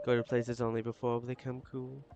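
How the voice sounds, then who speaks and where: A man's voice: mid-range voice, completely flat delivery, brisk, creaky, noisy background, natural voice. A man reading a dry, teasing young cafe regular. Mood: wry. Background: game music.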